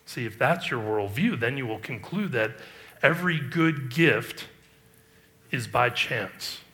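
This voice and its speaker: Bright-voiced man preaching a sermon. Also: medium pitch, animated, takes it slowly. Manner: reads scripture aloud, then comments with emphatic rises and quiet asides. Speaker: pastor.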